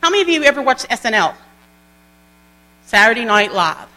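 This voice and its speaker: A woman giving an animated, folksy motivational training talk to a group. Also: on the high side, fairly quick. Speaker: sales trainer. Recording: long hall reverb with mains hum.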